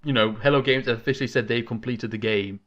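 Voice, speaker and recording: A man hosting a casual gaming podcast, talking in an excitable, chatty, rambling way into a desk microphone. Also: mid-range voice, fast talker, highs cut off. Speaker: podcast host.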